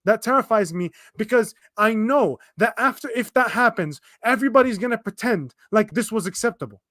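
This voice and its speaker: A high-pitched young man hosts a football watchalong, venting his frustration in rapid, stumbling bursts full of restarts and curses. The sound is dry and close, with no room around it. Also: expressive, a bit bright, dry recording. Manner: exasperated, fast ranting with frequent restarts and swearing. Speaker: fan commentator reacting to a live match. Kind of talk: livestream watchalong rant.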